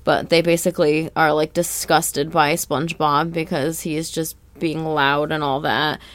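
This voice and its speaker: A woman's voice: low-pitched, level tone, a little slow, no room sound. A woman co-hosting a podcast, recapping a cartoon episode in casual, rambling chat. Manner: chatty, rambling with fillers. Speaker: podcast co-host.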